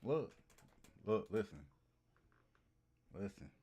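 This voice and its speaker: A man livestreaming and riffing comically to his chat, animated and hyped, repeating lines for laughs. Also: on the low side, takes it slowly, husky. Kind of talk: casual comedic riffing to a live chat.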